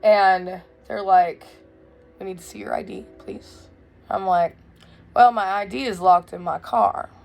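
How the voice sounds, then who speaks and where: A young woman telling a wild story in a casual, blunt, profane way, loud and animated. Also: medium pitch, measured pace, vocal fry, soft background music. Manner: blunt, profane, swears freely. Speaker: vlogger.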